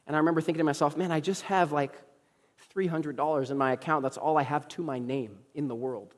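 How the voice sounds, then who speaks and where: A man's voice: on the high side, fairly quick. A young adult man, a young adults pastor, preaching a sermon as a story with humorous asides and acted-out dialogue. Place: church sanctuary. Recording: long hall reverb.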